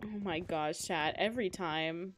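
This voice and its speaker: A woman's voice: on the low side, a little slow, slight background noise. A woman of twenty-five hosting a casual gaming livestream, chatty and giggly as she talks straight to her chat on a close mic. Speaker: livestream host.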